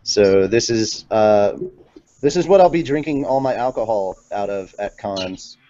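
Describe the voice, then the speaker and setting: A man's voice: on the low side, lively intonation, measured pace, dark tone, muffled recording. A man hosting a casual podcast, laid-back, reading out listener questions. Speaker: podcast host.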